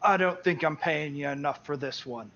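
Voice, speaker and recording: A man's voice: fairly high pitch, normal speed, sharp tone, lo-fi sound, slight background noise. A man doing a frightened merchant. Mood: scared. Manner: nervous, fretful. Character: terrified male cart merchant.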